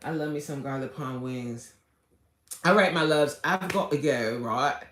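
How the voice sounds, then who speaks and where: A woman, chatting casually and animatedly with viewers on a live stream from her car, laughing often and swinging between loud and soft. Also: low-pitched, a little slow, roomy sound. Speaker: livestream host chatting with viewers.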